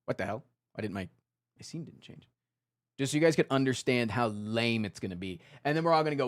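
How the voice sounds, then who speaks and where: A man's voice: medium pitch, expressive, a little fast, dry recording, soft background music. A young man from Virginia chatting casually on a live stream, joking and swearing, slipping into mock-indignant rants.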